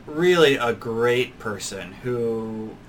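A young man hosting a podcast, telling his own story in an earnest, animated way, often restarting and acting out quotes. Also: medium pitch, slow, slight background noise. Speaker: podcast host. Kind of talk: personal storytelling.

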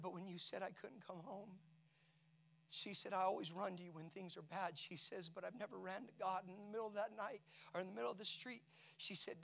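High-voiced man preaching with emotion. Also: gravelly. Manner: emotional storytelling preaching, swinging from hushed to shouting. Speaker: pastor. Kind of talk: sermon.

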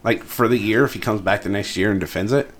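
A man's voice: on the low side, fast talker. A man co-hosting a podcast in casual chat, telling stories animatedly and acting out what people said. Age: adult, parent of an eight-year-old. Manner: animated storyteller acting out quotes. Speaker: podcast co-host.

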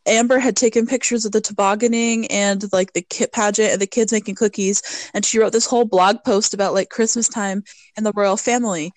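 A woman's voice: on the high side, slight background noise, poor audio. A woman co-hosting a podcast, casually recapping a movie with lots of fillers and acted-out quotes. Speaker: podcast co-host.

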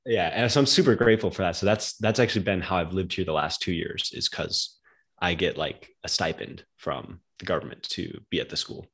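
A man's voice: low voice, fairly quick, a bit bright, slightly rough. A young man from the United States, talking casually and loosely as a podcast guest, with lots of slang. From United States, outside New York City.

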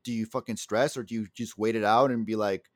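A man's voice: fairly low pitch, fairly even intonation, fairly quick, no echo. Rambling, emotional man with a dry sound. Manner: rambling, many restarts and swearing; self-described very emotional. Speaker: podcast co-host. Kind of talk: casual chat.

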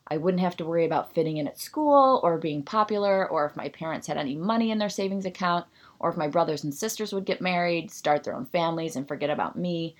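A woman in her thirties talks alone on her podcast in a lowish voice. She rants with biting sarcasm and a lot of push, then settles into reading a passage aloud. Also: fast. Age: 30s. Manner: ranting, sarcastic, animated. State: out of breath. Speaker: podcast host. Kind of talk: solo podcast monologue.

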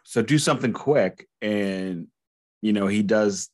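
A man's voice: on the low side, a little mellow. Joking man in casual podcast chat. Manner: halting, joking, self-interrupting. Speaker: podcast co-host. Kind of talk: casual album review chat.

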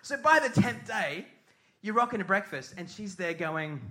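A man's voice: sits high, sing-song, normal speed, pushed and bright. A middle-aged man preaching a sermon as pastor, telling a comic story with sung mimicry and put-on voices.

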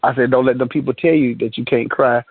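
A man co-hosting a podcast, telling a family story in a lively, chatty way. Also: mid-range voice, fast, husky, no room sound. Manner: animated storyteller, laughs often. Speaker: podcast co-host. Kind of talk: casual chat. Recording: dry, thin phone-like sound.

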